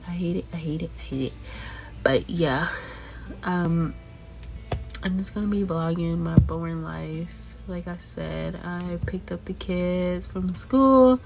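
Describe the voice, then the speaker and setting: Stuffy-nosed young mom rambling, low voice. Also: female voice. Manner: rambling, repetitive, many fillers. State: stuffy, congested nose. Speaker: vlogger mom. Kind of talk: casual chit-chat vlog. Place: home.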